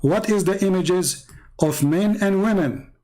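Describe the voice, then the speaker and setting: A man's voice: sits high, a little slow, dark tone. Sarcastic man hosting a livestream. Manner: sarcastic, taunting, repeats phrases for emphasis. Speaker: livestream host. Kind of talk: mocking livestream commentary. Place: home setup streaming online.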